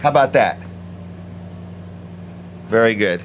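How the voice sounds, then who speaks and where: A man's voice: on the low side, animated, a little hiss or hum. A man hosting a casual local talk show, agreeing along with guests in short replies. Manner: encouraging, quick agreeing replies. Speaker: host. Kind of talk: casual chat.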